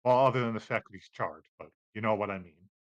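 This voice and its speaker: A man narrating as game master of a tabletop game, relaxed, with many fillers. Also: on the low side, fast, dull audio, slight background noise.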